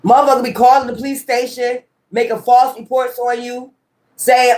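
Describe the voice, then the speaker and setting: Woman, high-pitched voice, tarot reader, emphatic, profane, repetitive, casual rant. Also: fairly even intonation, moderate pace, a little mellow. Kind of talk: casual ranting monologue.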